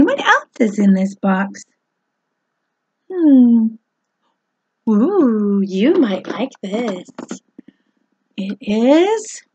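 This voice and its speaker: A woman teaching a preschool phonics lesson, talking slowly with exaggerated, sing-song delivery, oohs and gasps. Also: fairly high pitch, dull audio, a little hiss or hum.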